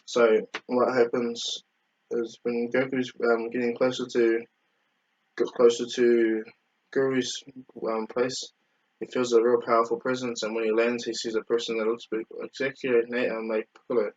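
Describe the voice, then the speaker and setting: A husky-voiced man casually retelling a fan story, rambling and correcting himself as he goes. His pitch stays flat, and the lo-fi recording sounds dull. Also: moderate pace. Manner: rambling, with many fillers and self-corrections.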